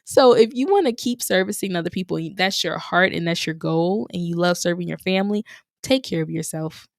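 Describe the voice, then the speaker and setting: A woman's voice: fairly low pitch, fairly quick, gravelly, no room sound, clean studio sound. A young woman hosting a podcast on her own, talking in an encouraging way and repeating phrases for emphasis. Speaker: podcast host. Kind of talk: motivational solo podcast talk.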